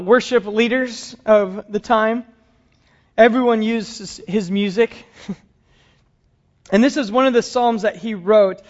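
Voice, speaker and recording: A man preaching a conversational sermon to his congregation, with light humor. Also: high voice. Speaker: pastor. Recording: dull lo-fi sound.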